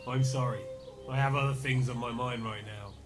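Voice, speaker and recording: A harried, defensive village chief , as a man plays him, speaks in a wobbling West Country accent that drifts as he goes. His lines are clipped and brusque. Loud game music runs behind him. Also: mid-range voice, fairly even intonation, moderate pace, close to an everyday voice. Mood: curt weary. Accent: wobbly put-on West Country English. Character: harried male village leader, middle-aged, curt. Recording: game dialogue over loud background music.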